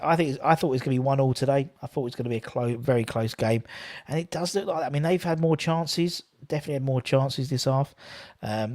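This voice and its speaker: A man's voice: medium pitch, a little mellow. A man hosting a live football watchalong, chatting with viewers and commenting on play in a rambling, casual way. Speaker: watchalong host.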